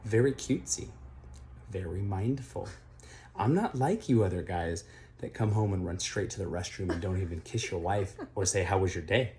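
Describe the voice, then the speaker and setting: A man showing off as a considerate husband in a slow, teasing way. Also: deep voice, animated, a little mellow. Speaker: husband in a social media clip.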